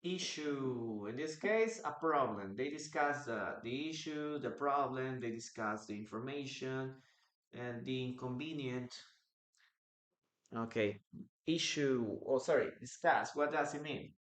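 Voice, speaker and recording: A man's voice: mid-range voice, a little slow. A man with a Peruvian Spanish accent teaching English in a live online class, answering viewers' questions from the chat. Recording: echoey room.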